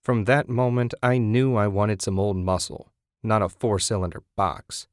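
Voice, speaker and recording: An eager, stubborn husband who is crazy about classic cars, read by a man. His lines are enthusiastic and defensive, in a fairly low voice recorded dry and close. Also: fairly even intonation, normal speed, no echo, natural voice.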